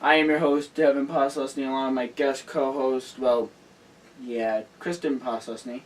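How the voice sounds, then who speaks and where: A tired man hosting a casual racing news roundup, hurried and rambling, correcting himself as he goes. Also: mid-range voice, steady tone, recorded from a distance, rough recording. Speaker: host.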